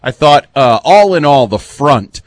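A man's voice: mid-range voice, lively intonation, measured pace. A man giving opinionated, long-winded football analysis on a postgame radio show in a studio.

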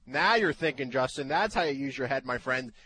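A man hosting a fantasy football call-in radio show, talking in animated, loud bursts of excitement. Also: mid-range voice, brisk, husky.

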